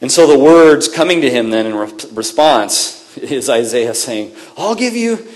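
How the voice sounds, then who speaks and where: A man as pastor, preaching a sermon in a conversational storytelling way, lively and often correcting himself mid-sentence. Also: medium pitch, moderate pace.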